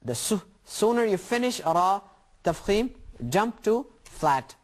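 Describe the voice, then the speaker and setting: Man teaching recitation, slow deliberate examples. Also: high voice, expressive. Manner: deliberate, repeats words slowly to contrast correct and wrong pronunciation. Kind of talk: tajweed lesson with spoken examples.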